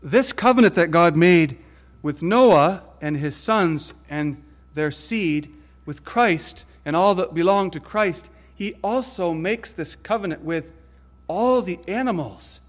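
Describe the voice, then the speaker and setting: Male preacher, slightly high voice, emphatic and deliberate sermon delivery. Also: expressive. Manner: emphatic, deliberate preaching with rising stress on lists.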